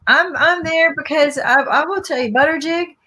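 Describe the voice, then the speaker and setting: A woman with a Southern US accent giving her opinions in a casual political chat, animated and quick to restart her sentences. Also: high-pitched.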